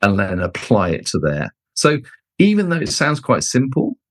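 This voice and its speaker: Middle-aged male guest, slightly low voice, expressive anecdote teller, dry close mic. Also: moderate pace, no echo. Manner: expressive, acts out quoted people with jumps in pitch. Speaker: guest, leadership author and speaker. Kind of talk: animated storytelling in conversation.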